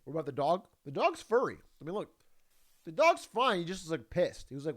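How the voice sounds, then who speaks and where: A man with a fairly high voice whose pitch leaps around as he tells a story and reacts to a clip. He laughs a lot, swears casually and talks in a loose, chatty way. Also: very animated, fairly quick, fairly bright tone. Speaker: YouTuber reacting to a video.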